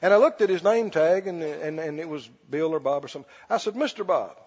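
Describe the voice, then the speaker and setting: A man's voice: on the high side, fast talker, darkish tone, slightly rough, lo-fi sound. A man preaching a sermon as pastor, telling a story, then leading a fervent prayer and praise.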